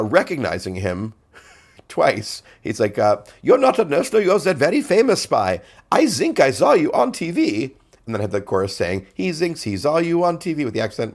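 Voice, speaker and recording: Chatty man breaking down a song. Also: mid-range voice. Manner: chatty, laughing, many fillers. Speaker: songwriter host. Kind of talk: casual explainer.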